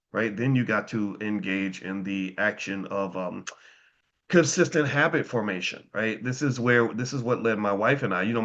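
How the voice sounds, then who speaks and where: A man's voice: fairly low pitch, a bit bright, lo-fi sound. A man hosting a casual motivational commentary, speaking emphatically, often restarting his words and firing rhetorical questions at his listeners. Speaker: host.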